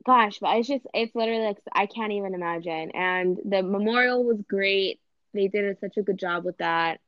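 Young woman, casual podcast chat, animated and chatty, mid pitch, slightly muffled sound. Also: moderate pace, dry recording.

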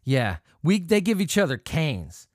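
A man voicing an overbearing male friend who insists and swears in a raised, higher voice. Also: very animated, measured pace, no room sound, clean studio sound. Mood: pushy. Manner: insistent, profane, rambling. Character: pushy overbearing male buddy, loud.

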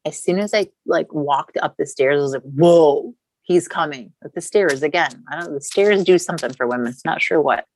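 A woman's voice: low voice, a little fast, hardly any pauses, a little hiss or hum, rough recording. A woman in her thirties, a podcast guest, telling a long personal story in a chatty, candid way with casual swearing.

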